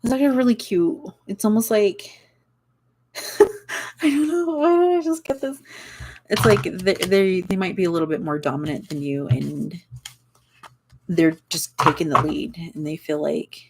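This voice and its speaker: A young woman with a slightly low voice talks through a tarot reading in a casual, unscripted way. She circles back on her words, trails off and fills the gaps with frequent "like"s and soft laughs. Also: measured pace, long pauses, noisy background. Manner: rambling, searching for words, frequent likes and laughs. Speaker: tarot reader.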